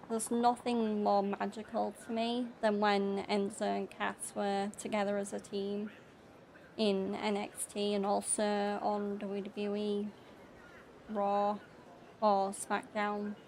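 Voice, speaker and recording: A woman's voice: medium pitch, monotone, slow pace, a little mellow, slight background noise. A young woman chatting casually and rambling through let's-play commentary, often restarting her sentences. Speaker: gaming YouTuber.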